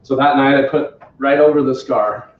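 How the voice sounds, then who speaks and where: A man's voice: mid-range voice, steady tone, normal speed, a little hiss or hum. Man laughing through a story, far off. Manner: chatty, self-deprecating, laughs often, quotes others. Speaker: company representative telling his story. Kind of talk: casual storytelling to a small group. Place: living room in a home. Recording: roomy, distant, dull home video.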